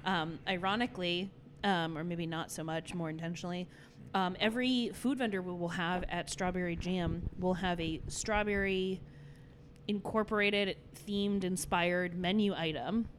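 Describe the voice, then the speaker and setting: A woman's voice: lowish voice, steady tone, moderate pace, slight background noise. A woman co-hosting a casual podcast, chatting and running through a list with lots of fillers. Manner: chatty, runs down lists with many fillers. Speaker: brewery podcast co-host. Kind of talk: casual chat.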